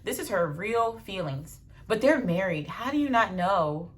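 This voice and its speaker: A young adult woman, telling stories in a blunt, animated casual vlog with slang and swearing. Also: mid-range voice, measured pace. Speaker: vlogger.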